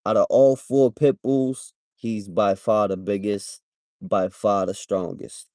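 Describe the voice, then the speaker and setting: A man's voice: fairly low pitch, takes it slowly, darkish tone, no room sound, clean studio sound. A man hosting a livestream, telling a story in a slangy, casual way and tagging "right?" onto his sentences. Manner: slangy, repeats "right?" as a tag. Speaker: livestream host.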